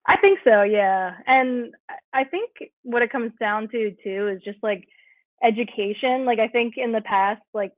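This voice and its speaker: A woman's voice: a little high, measured pace, no echo. A woman guest in casual podcast conversation, talking in a chatty way with many fillers. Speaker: guest, cycle syncing coach. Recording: tinny phone-like line, dry.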